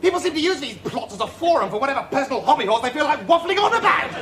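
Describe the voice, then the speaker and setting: A pompous vain ham actor. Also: male voice, very high-pitched, very animated, rapid-fire, noisy background. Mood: indignant. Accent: British English. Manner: theatrical, pompous, self-dramatizing. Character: vain pompous out-of-work actor, man in his 30s. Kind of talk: studio sitcom acting. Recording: TV sitcom with audience laughter.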